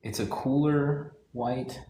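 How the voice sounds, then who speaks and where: A man teaching painting, talking calmly and thinking aloud while he works, sometimes correcting himself. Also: mid-range voice, takes it slowly, a little hiss or hum. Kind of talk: live painting demonstration.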